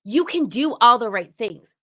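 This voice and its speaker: A woman's voice: on the high side, lively intonation, normal speed, pushed and bright. A woman giving a motivational teaching talk, speaking emphatically and repeating words for stress. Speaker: instructor.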